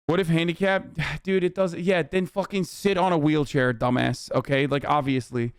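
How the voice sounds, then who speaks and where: A man's voice: a little high, flat delivery, moderate pace, smooth, dry recording, clean studio sound. A man streaming to his chat, ranting angrily about politics with lots of swearing and sarcasm. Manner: profane, heated, sarcastic. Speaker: streamer reacting to news. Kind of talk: angry political rant to chat.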